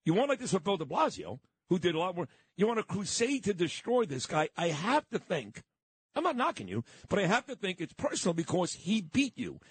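Brash New radio host, husky. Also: male voice, high voice, big pitch swings, fairly quick, no echo. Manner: brash, teasing, swears freely, interrupts. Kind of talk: talk radio banter.

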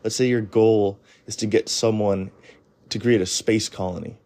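A man's voice: lowish voice, steady tone, moderate pace, mellow. A man giving a blunt, rambling monologue of advice, full of restarts and fillers. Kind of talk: casual opinionated monologue.

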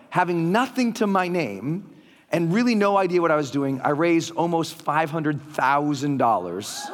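A man speaking on stage to a live audience, telling a story with energy and acting out the lines of the people in it in a raised voice. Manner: animated storytelling, acting out quotes in a higher voice. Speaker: motivational speaker. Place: large hall with a live audience. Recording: long hall reverb.

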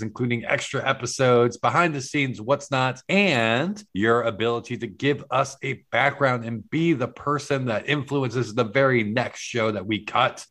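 A man's voice: medium pitch, a bit bright. A man hosting an improv comedy podcast, talking casually with fillers. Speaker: podcast host. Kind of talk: improv comedy and show outro.

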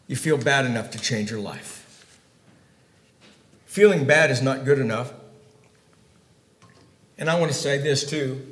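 A man preaching a sermon, emphatic, swinging between loud declarations and quiet, confiding asides. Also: medium pitch, measured pace, long pauses, echoey room.

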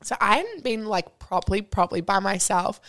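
A woman's voice: mid-range voice, sing-song, normal speed, fairly bright tone. Young aussie woman telling a story on a podcast, lots of likes, laughy. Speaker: podcast guest. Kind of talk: casual chat.

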